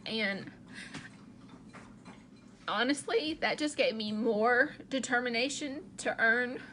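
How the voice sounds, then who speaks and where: Slow-talking woman telling her story. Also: fairly high pitch, pushed and bright, a little hiss or hum. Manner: candid, emotional, repeats herself. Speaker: direct sales director. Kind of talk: personal vlog storytelling.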